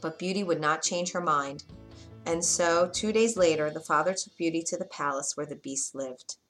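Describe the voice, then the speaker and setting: A woman with a fairly low voice narrates a children's fairy tale. She reads clearly and at a measured pace, the way someone reads aloud to children. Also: a bit bright, faint music behind. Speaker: storyteller. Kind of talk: children's storybook reading.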